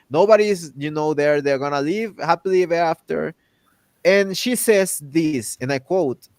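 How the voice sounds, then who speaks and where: A man hosting a casual chat, ranting in an animated way and acting out characters' lines with exaggerated voices. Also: on the high side, no echo. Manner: loose, repetitive restarts while ranting. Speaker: podcast host.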